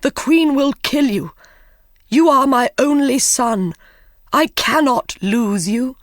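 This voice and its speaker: A woman's voice: high-pitched, slow, no echo, clean studio sound, pitched above the performer's own voice. Woman voicing a fearful old king. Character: worried old king, a poor father.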